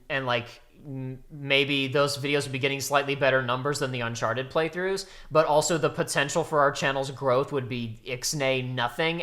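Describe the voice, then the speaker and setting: A young man co-hosting a casual podcast chat, rambling and animated, bursting into loud acted-out quotes. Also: medium pitch. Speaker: podcast co-host.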